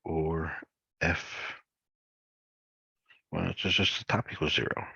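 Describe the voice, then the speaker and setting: A low, gravelly male voice with a husky edge and a bright, forceful tone, talking himself through math homework solutions in halting, muttered steps. The sound is close and dry, on a dull lo-fi screencast mic. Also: steady tone, no room sound. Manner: thinking aloud, halting and muttered. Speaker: math instructor.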